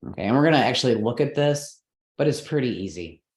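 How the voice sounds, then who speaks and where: A man gives a patient, step-by-step lesson, pausing often to check that his listeners follow. His voice sits at an ordinary middle pitch. The sound carries a noticeable room echo. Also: expressive, a little mellow. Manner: patient, explanatory, checks in with "okay" and "right". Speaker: teacher. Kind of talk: online lesson on Sanskrit pronunciation.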